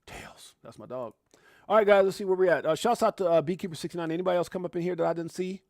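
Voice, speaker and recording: A man hosting a casual livestream, talking straight to his viewers in an animated, chatty way. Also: high-pitched, fast, vocal fry, no echo, studio quality. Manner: animated, talks directly to viewers with shout-outs. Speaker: livestream host.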